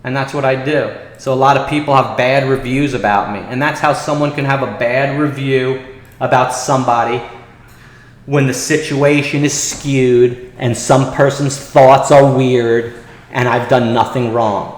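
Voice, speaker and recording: A man hosting a trading show, telling an indignant story and reading messages aloud in a lively, exasperated way. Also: mid-range voice, a little slow. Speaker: day trading show host. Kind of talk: casual livestream talk. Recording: echoey room with long reverb.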